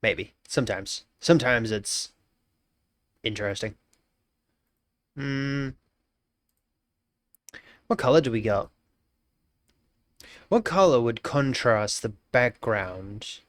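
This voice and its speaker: A man's voice: medium pitch, animated, slow, pauses often, dry recording, clean studio sound. A young Australian man chatting casually on a live stream, musing aloud, repeating phrases and greeting viewers by name.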